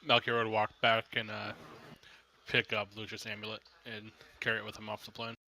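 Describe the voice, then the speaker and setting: A man's voice: fairly low pitch, monotone, a little fast, bright, forceful tone. A man playing in a tabletop role-playing game, talking in a laid-back, hesitant way. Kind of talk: casual tabletop role-play talk.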